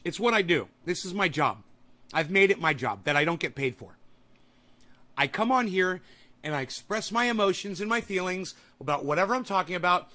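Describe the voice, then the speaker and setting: Loud ranting man with a high bright voice. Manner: profane, ranting, shouts when angry. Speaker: political podcast host. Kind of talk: angry political rant.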